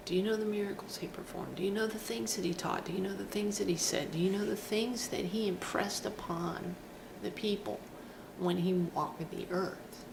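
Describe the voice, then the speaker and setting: A woman's voice: mid-range voice, unhurried, creaky. A woman giving an informal devotional talk, telling a story in a chatty, self-deprecating way. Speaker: Christian devotional speaker. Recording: steady background noise.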